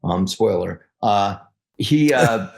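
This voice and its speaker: A middle-aged man, a guest actor in a casual interview, telling animated stories while stumbling and repeating words. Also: lowish voice, creaky. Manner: halting, restarts and repeats words often.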